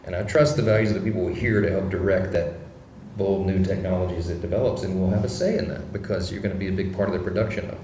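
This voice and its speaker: A man speaking as a political guest in an interview, telling stories in an animated, casual way with frequent restarts. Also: fairly low pitch, roomy sound, a little hiss or hum. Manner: animated anecdote-teller who speeds up and laughs through stories.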